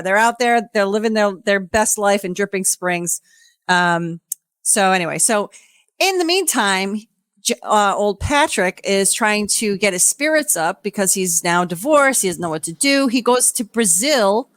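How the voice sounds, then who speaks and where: A woman co-host tells a reality-show recap in loose, profane, rambling chat. Her voice sits mid-range and sounds dry and close to the mic, with little room sound. She keeps breaking into quick impressions of the people she describes. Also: medium pitch, animated, fairly bright tone, no echo. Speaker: podcast co-host.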